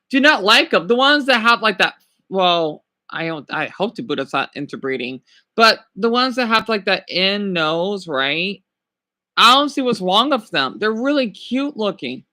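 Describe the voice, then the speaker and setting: A man's voice: sits high, pushed and bright. A man chatting casually on a livestream, gushing and drawing out his words. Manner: gushing, drawn-out swoops when cooing over dogs.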